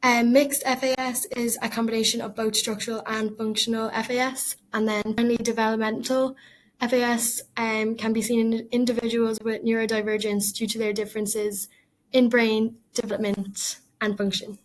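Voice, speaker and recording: Slightly high-voiced woman presenting. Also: little pitch movement, moderate pace, poor audio. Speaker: student presenter. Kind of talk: scripted class presentation.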